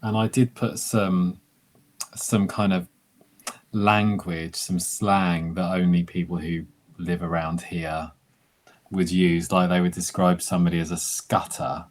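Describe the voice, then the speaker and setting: A novelist speaks in a very deep voice over a video call. He answers hesitantly, leaning on fillers while he thinks. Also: flat delivery, slow. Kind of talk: conversational interview answers.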